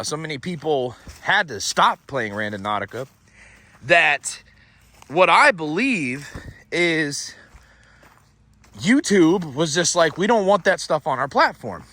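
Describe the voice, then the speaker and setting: Lively, bright-voiced country man rambling. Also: fairly high pitch. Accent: Southern US country. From Florida, US. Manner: rambling, jokey, swears a lot. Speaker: paranormal vlogger. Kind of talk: casual vlog chat. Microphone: phone camera held by a companion.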